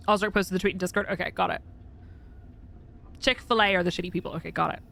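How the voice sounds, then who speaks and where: A woman's voice: lowish voice, fairly even intonation, fast, vocal fry, pushed and bright. A young woman streamer chatting casually with her live chat, laughing often and greeting viewers by name.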